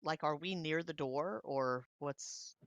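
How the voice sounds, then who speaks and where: A woman's voice: deep voice, slow, no room sound, highs cut off. A woman playing a tabletop game, asking questions hesitantly with many fillers. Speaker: player. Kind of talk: casual tabletop play.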